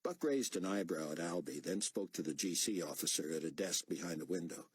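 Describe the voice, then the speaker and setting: A man narrating an audiobook thriller in a low, even storytelling manner. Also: fairly quick, few pauses, breathy edge, no echo, clean studio sound.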